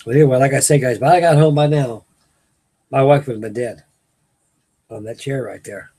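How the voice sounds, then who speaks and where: A man's voice: mid-range voice, a little fast, warm tone. An older man, rambling folksily as host of a late-night live chat with his viewers. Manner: folksy, meandering, restarts sentences. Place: home at night.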